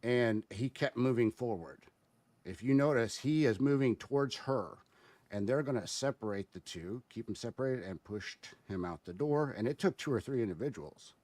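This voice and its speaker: A man giving casual spoken commentary as a guest, halting and explanatory, with many fillers and restarts. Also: medium pitch, expressive, darkish tone, no echo.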